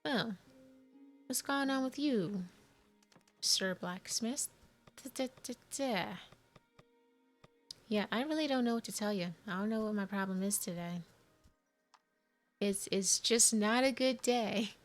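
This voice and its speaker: A woman's voice: mid-range voice, unhurried, pauses often. A woman casually commenting on a video game she is playing, thinking aloud and puzzling over the menus. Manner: chatty, thinking aloud, confused asides. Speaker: let's play gamer. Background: faint game music.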